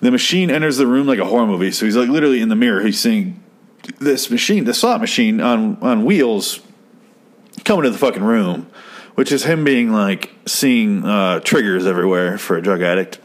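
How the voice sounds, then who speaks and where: A young man recapping a TV episode in a casual, rambling, profane commentary, getting excited as he goes. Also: lowish voice, normal speed. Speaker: show host.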